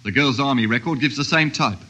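Dutiful sergeant, deferential, bright and firm. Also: male voice, medium pitch, a little fast. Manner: deferential, matter-of-fact reports. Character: dutiful male police sergeant, respectful. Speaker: police sergeant. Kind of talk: 1950s radio drama acting.

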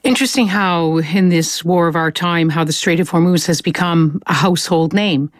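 A woman explaining world news in a measured, conversational way on a studio podcast, with occasional restarts. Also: on the low side, dry recording. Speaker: foreign affairs analyst. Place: London studio.

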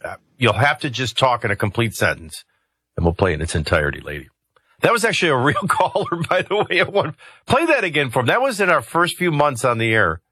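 Husky, forceful talk radio host man. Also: medium pitch, very animated, a little fast, no room sound. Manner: conversational, rambling asides with hesitations.

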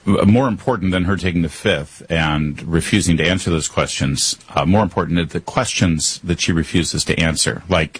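A man's voice: deep voice, normal speed, breathy edge. A man hosting a political commentary show, talking in a sarcastic, emphatic and rhetorical way. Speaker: commentary host.

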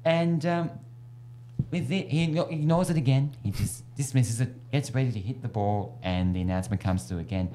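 A man's voice: medium pitch, normal speed, warm tone. A man hosting a radio show, telling jokes in a playful, giggly way. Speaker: radio host. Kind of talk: casual radio chat and joke telling.

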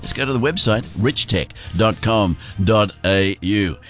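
Older Australian radio host, lowish voice. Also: male voice, unhurried, soft background music. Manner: friendly, hesitant with many fillers. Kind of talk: casual radio interview.

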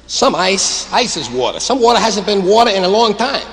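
A man's voice: high-pitched, sing-song, normal speed, fairly bright tone. A male comedian in a rambling, absurd stand-up monologue. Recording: long reverb of a hall.

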